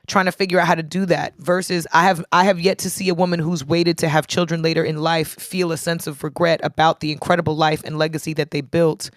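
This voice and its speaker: A woman's voice: deep voice, little pitch movement, fast, few pauses, no echo, studio quality. A woman co-hosting a podcast, talking earnestly and repeating words as she builds her point. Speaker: podcast co-host. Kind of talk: casual chat, earnest advice.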